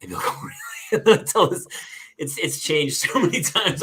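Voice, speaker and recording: A man spinning animated anecdotes on a chatty podcast, his pitch bouncing all over. His voice is bright and forward, and he laughs often as he talks. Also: fairly quick, husky. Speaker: podcast host; actor. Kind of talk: casual chat, storytelling.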